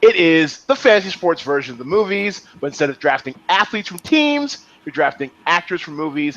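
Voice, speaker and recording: Man, podcast host, lively swooping voice, slightly higher pitch, playful and jokey, lo-fi sound. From Las Vegas area. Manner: playful, joking, laughs often. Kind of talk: casual chat.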